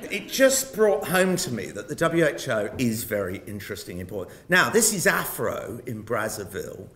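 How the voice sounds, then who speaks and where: A man's voice: mid-range voice, very animated, normal speed, a bit bright, slight background noise. An older British man giving a public lecture, telling wry, self-mocking anecdotes. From Britain. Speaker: guest lecturer. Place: lecture hall. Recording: roomy hall sound.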